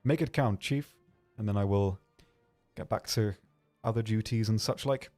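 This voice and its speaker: A man with a lowish, mellow voice chats casually through a desk microphone as he answers viewer questions on a stream. He meanders through each answer with plenty of ums and restarts, and keeps a dry, deadpan humor. Soft music plays faintly in the background. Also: normal speed. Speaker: livestream host.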